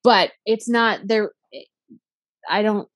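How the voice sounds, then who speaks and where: A woman co-hosting a casual discussion, steering the talk and inviting the others to speak. Her voice is mid-pitched, and the recording is close and dry, with no room sound. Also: takes it slowly, no room sound. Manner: conversational, leads the discussion and passes turns. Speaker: podcast co-host. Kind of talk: casual chat.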